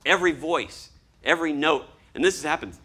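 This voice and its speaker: A man giving a lively talk to an audience as a storyboard artist, acting out scenes as he explains them. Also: fairly high pitch, moderate pace, husky. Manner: animated, acts out scenes and voices.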